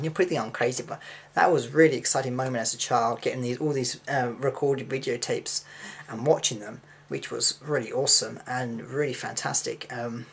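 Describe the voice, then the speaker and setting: A young man, casually telling a personal story in a rambling, excitable way with many fillers. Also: medium pitch, vocal fry, husky. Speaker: vlogger.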